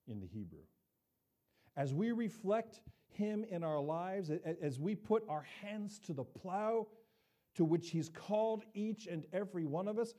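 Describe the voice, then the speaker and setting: Older guy preaching, chatty sermon, voice swoops around a lot, really dark and mellow. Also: on the high side. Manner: conversational, with frequent "right?" asides to the congregation. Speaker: pastor.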